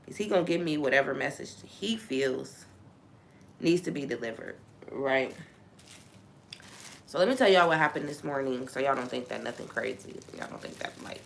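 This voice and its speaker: A woman's voice: very deep voice, creaky, pushed and bright, slight background noise. A woman hosting a faith talk on a live stream, venting frankly and swearing freely.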